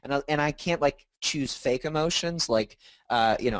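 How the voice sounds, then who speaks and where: In a relaxed interview, this thirty-something author and speaker shares animated stories and voices the quoted dialogue himself. He speaks in a mid-range voice at a moderate pace with few pauses, and the recording is dry.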